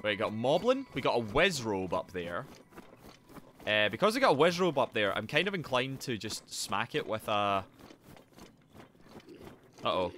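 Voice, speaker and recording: A Scottish man commentating his gameplay live, greeting viewers and yelling in panic when things go wrong. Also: mid-range voice, moderate pace, pauses often, slight background noise. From Scotland. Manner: excitable, yelps and shouts in panic, greets chat. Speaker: streamer.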